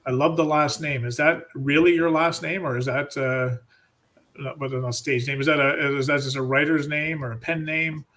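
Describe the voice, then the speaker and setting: A man co-hosting a podcast, asking upbeat, quick interview questions. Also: a little high, fairly even intonation, a bit bright.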